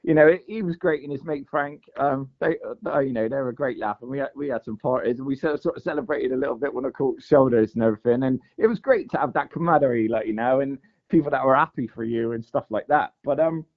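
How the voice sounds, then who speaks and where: A man's voice: mid-range voice, quick pace. A man tells his story in a loose, rambling way, peppering it with "mate" and "like". His voice sits in a middle register, and the recording sounds dull and lo-fi. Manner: rambling, full of "mate" and "like" fillers. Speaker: guest angler. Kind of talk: casual storytelling interview. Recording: dull lo-fi audio.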